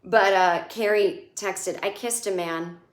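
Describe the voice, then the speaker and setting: A woman's voice: mid-range voice, fairly even intonation, slow pace. A woman comedian recapping a TV episode in a chatty, sarcastic way, swearing freely and acting out the characters' lines. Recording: echoey room.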